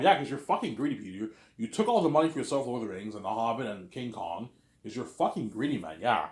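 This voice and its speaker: Fast-talking, animated man vlogging. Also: mid-range voice, reverberant. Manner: animated, acts out conversations. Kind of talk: storytelling vlog.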